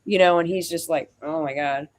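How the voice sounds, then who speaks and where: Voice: medium pitch, fairly even intonation, moderate pace. A streamer venting in a rambling, casual story, acting out both sides of a conversation between frequent fillers. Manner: rambling, acts out quoted dialogue, frequent fillers.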